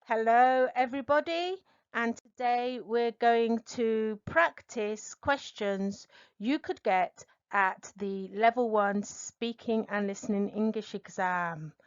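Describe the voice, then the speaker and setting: A woman's voice: a little high, dry recording, lo-fi sound. A middle-aged woman English tutor giving a spoken lesson, explaining carefully and stressing key words. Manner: clear, deliberate teaching delivery with stressed key words. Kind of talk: spoken language lesson to camera.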